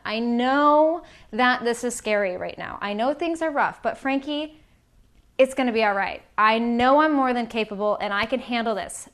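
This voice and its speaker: A woman with a bright, high-pitched voice speaks straight to her viewers in a motivational vlog. She coaches them earnestly through tips, encouraging and direct. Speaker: life coach. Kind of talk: motivational talking-head vlog.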